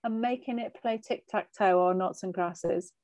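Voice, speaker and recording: Woman on a podcast, chatty, thinks out loud, dry close sound. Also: medium pitch, normal speed, no echo. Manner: chatty, laughs easily, thinks aloud. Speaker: podcast co-host. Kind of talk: casual film chat.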